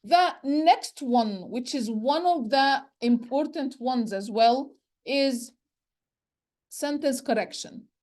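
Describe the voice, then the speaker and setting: A woman with a somewhat high voice gives a teacher-training lecture. She lays out each point in order, often starting with "so". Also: takes it slowly, a little mellow. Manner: explains step by step, often starting with "so".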